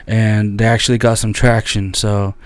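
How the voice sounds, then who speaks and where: A young man co-hosts a laid-back podcast in a smooth, clear voice. He tells loose stories full of swearing and acts out his friends' lines. The sound is dry and close. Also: level tone, moderate pace, no room sound. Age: young adult. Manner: loose, swearing storyteller who acts out quoted friends in a higher voice. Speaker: podcast co-host. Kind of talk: casual chat.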